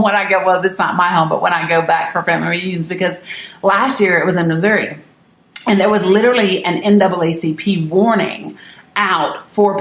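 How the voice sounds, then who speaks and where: A middle-aged woman hosting her own show, telling viewers a personal family story earnestly and emphatically, often restarting her sentences. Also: medium pitch. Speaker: host. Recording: roomy echo.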